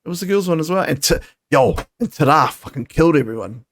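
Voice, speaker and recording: A man's voice: fairly high pitch, animated, quick pace, gravelly. A young man hosting a casual chat, telling stories animatedly and swearing freely. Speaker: podcast host.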